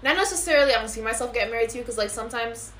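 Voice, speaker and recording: Young woman talking fast and brash, bright voice, lotta slang, faint hiss behind. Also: fairly high pitch. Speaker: podcast co-host. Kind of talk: casual chat.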